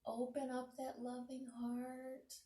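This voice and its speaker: A woman leads small children through slow breathing exercises, soft and encouraging, now and then dropping to a whisper. She speaks slowly and calmly. She is heard from a little way off in a roomy, echoing room. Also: high voice. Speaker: children's librarian leading a mindfulness story time. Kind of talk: gentle guided breathing lesson for young children. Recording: roomy home recording from a distance.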